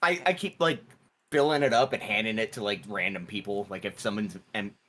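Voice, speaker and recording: A man with a somewhat low voice describes what his character does in a tabletop game. He talks loosely and jokily, full of filler words. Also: fairly quick, sharp tone. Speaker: player. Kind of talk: casual tabletop game chat.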